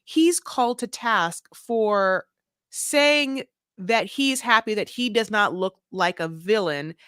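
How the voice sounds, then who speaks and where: A woman co-hosting a podcast, recapping a reality show in a sassy, profane, animated way. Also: medium pitch, takes it slowly, clean tone, no room sound, studio quality. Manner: animated, profane, sassy storytelling with voiced quotes. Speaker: podcast co-host. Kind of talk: casual recap chat.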